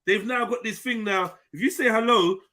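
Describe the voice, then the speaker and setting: A man's voice: high voice, a little fast, sharp tone, rough recording. A man hosting an open panel, talking animatedly and breaking into laughs and quoted voices. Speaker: host. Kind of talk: casual chat.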